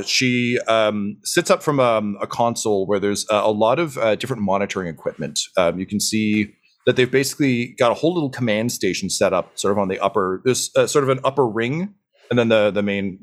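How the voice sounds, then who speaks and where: A man's voice: lowish voice, brisk. A man narrating a tabletop game as dungeon master, rambling with many fillers.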